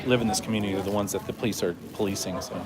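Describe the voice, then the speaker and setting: A man's voice: lowish voice, steady tone, very fast, a loud crowd. A man live-streaming from inside a car, chatting loosely and jokingly while reading out viewer comments. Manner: loose and joking, drifts between topics.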